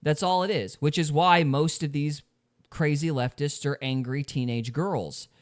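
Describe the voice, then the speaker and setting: A man's voice: on the high side, steady tone, unhurried. A man hosting a podcast in casual chat, opinionated and mocking others in quoted voices. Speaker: podcast host.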